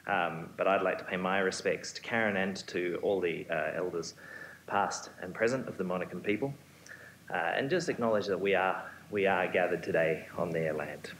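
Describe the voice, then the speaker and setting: A man, a museum curator, giving a prepared symposium talk on stage, measured with occasional ums and restarts. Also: deep voice, a bit bright. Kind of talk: prepared lecture. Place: auditorium stage. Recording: echoey hall, faint hum.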